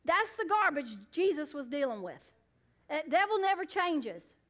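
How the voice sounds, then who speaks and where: A woman pastor preaching a sermon, swinging between loud emphatic bursts and hushed, low asides. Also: very animated, unhurried.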